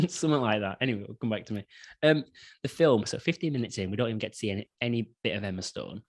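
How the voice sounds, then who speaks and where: A man's voice: on the low side, quick pace. A young man co-hosting a casual film review podcast, rambling through his points with lots of swearing and restarts. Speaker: podcast co-host.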